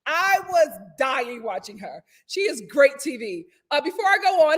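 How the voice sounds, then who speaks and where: High-voiced woman in a lively show recap. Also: takes it slowly. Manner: animated, laughs often, acts out quotes. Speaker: YouTube host reviewing a reality show. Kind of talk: casual reality-TV recap chat.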